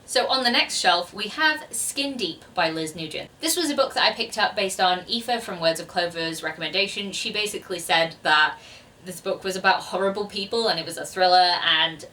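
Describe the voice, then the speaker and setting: A chatty woman talks through her bookshelf in a rambling, self-deprecating way. Her voice is a bit low for a woman but bright and forceful, caught by a camera mic set a little way off. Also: moderate pace, recorded from a distance. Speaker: BookTuber. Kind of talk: casual book chat to camera.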